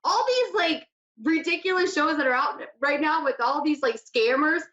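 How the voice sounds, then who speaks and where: A woman hosting a psychic radio show, teaching in a relaxed, conversational style with a fairly high voice. She rambles and laughs easily. The recording is dull and lo-fi, with echo in the room behind her. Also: normal speed. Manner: chatty, laughs easily, wanders off topic. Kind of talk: casual spiritual teaching talk. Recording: echoey lo-fi room sound.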